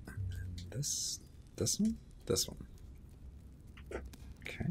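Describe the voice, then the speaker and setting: Male let's-player, low gravelly voice, unhurried muttering commentary with soft game music underneath. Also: wildly swooping pitch. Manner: muttering, swearing, talking to himself. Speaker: gameplay commentator. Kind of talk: casual let's-play commentary.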